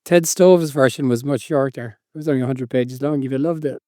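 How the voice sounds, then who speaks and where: A man co-hosting a casual podcast with a mellow, relaxed tone, answering in a sheepish, dry, self-deprecating way. The sound is close and dry, with nothing around it. He keeps an easy, mid-range voice. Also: mid-range voice, brisk, dry recording. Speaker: podcast co-host. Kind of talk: casual chat.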